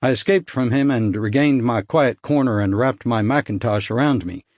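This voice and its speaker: A man reads a first-person thriller in a measured, dry manner, at a middle pitch. The recording is close and dead, with no room sound around the voice. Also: a little mellow, no room sound. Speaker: audiobook narrator.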